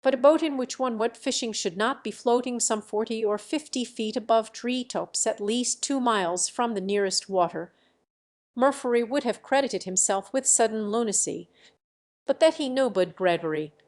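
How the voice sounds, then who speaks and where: A woman narrating an audiobook of a science fiction novel in an even, measured way. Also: fairly high pitch. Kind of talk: scripted narration.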